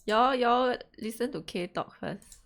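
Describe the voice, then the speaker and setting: A woman's voice: a little high, unhurried, gravelly, fairly bright tone. A young woman hosting a casual live stream, flustered and laughing through technical trouble. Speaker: stream host.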